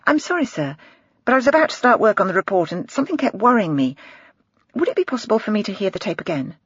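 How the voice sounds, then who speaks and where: A reader giving voice to a young rookie policewoman, hesitant and apologetic, her voice slightly raised and lively. The tone is husky, dry and a little dull, as on a plain home recording. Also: medium pitch, quick pace, dry recording, pitched above the performer's own voice. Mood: nervous. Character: young nervous female probationer detective.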